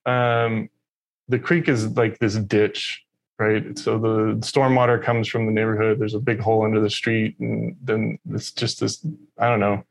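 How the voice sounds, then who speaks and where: A man's voice: lowish voice, flat delivery, a little slow, gravelly. A man from Texas telling a story in casual conversation, rambling and profane, with lots of fillers.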